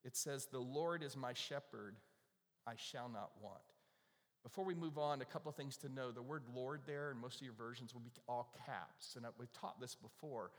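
A pastor giving an animated, conversational sermon, restarting words as he goes. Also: medium pitch, moderate pace. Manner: animated, conversational preaching with repeated starts. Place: church sanctuary. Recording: echoey hall reverb.

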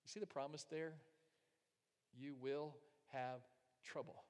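A man preaching a sermon, telling a personal story and swinging between loud, emphatic passages and hushed, quiet ones. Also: fairly high pitch, fairly even intonation, a little slow, clear, resonant tone. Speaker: pastor. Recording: long hall reverb.

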